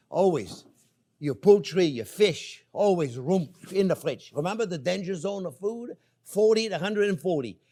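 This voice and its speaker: A man's voice: fairly high pitch, darkish tone. An older man hosting a cooking show, chatting playfully with viewers as he cooks. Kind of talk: casual cooking demonstration.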